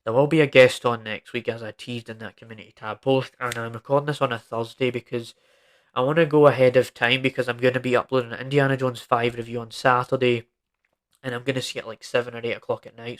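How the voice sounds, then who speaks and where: A man's voice: mid-range voice, flat delivery, quick pace. A young man hosting his own podcast, ranting casually and emphatically, full of "like" and "right?". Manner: rambling, emphatic and informal, with frequent "like" and "right?". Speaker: podcast host. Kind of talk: solo podcast rant.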